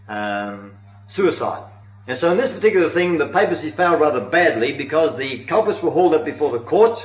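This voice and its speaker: A man giving a sermon on church history, telling it earnestly with occasional hesitations, in a dull, roomy old recording. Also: mid-range voice. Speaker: preacher.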